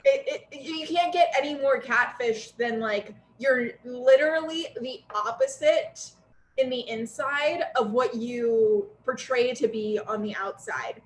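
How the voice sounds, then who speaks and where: A young woman co-hosting a casual astrology chat, talkative and quick to laugh. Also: fairly high pitch. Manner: chatty, laughs, acts out quoted voices. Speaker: astrologer co-host. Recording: echoey room with faint ambient noise.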